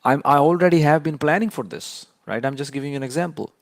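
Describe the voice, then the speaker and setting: A man's voice: a little high, quick pace, no echo, clean studio sound. A man giving a trading lesson in an emphatic, lecturing way, often repeating key points for stress. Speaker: trading educator.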